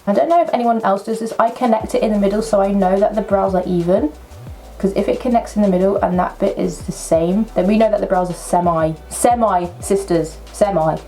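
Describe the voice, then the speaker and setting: A woman's voice: medium pitch, a little fast, soft background music. Brief: chatty young woman, makeup tutorial. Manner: chatty, excitable, self-mocking asides. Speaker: makeup vlogger. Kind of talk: casual makeup tutorial chat. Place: at home at a table.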